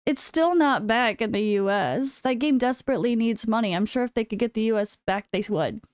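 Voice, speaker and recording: A woman's voice: on the high side, a little fast, darkish tone, smooth, no echo, clean studio sound. An American woman, a full-time gaming content creator, talking candidly to her viewers in a casual vlog, with wry sarcastic asides. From United States. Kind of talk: casual chat.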